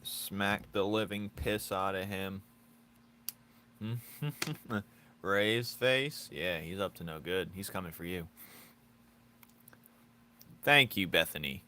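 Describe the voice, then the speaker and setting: A man's voice: sits low, slow, long pauses, sharp tone, slight background noise. A man chatting casually with his viewers while drawing on a live stream, teasing and joking, laughing often.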